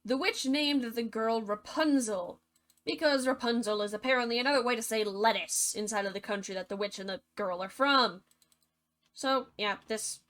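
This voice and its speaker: A woman's voice: a little high, a bit bright. A young woman retelling a fairy tale as a comedy, chatty and full of sarcastic asides. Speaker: storyteller.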